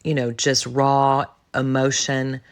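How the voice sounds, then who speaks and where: A woman's voice: very deep voice, flat delivery, slow. Blunt, emphatic woman hosting a monologue. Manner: blunt, emphatic, self-assured; repeats words for emphasis and talks straight to the listener. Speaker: podcast host. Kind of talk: solo monologue on personal development.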